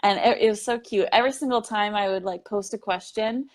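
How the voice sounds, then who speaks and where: A woman's voice: medium pitch, a little fast. A young woman in a casual interview, telling her story of becoming a medium in a chatty way, with plenty of fillers and little laughs.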